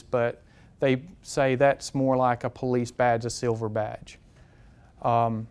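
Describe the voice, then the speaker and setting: A campus police safety trainer with a Southern US accent speaks directly and conversationally to a classroom during a live seminar in a lecture room, repeating key points and asking the audience questions. His medium-pitched voice is a little mellow and clean in tone.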